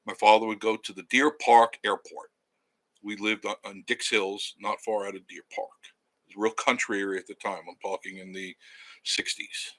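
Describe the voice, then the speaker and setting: A man's voice: lowish voice, little pitch movement, normal speed, fairly bright tone. A man in his sixties from Long Island, hosting a travel channel, telling a rambling personal story in a casual monologue and chuckling as he goes. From Long Island, New York. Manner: rambling, anecdotal, chuckles as he tells it.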